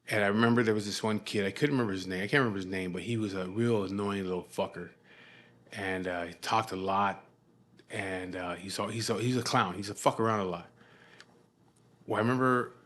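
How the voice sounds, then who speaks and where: Male storyteller, Chicano English, lowish voice, casual and crude, lots of fillers. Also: a bit bright. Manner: profane, rambling, many fillers and restarts.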